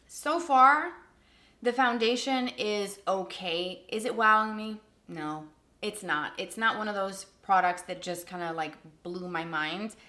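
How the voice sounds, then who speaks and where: A woman's voice: medium pitch, fairly bright tone. A woman giving a candid, chatty first-impression makeup review, thinking aloud as she tries products. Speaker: beauty reviewer.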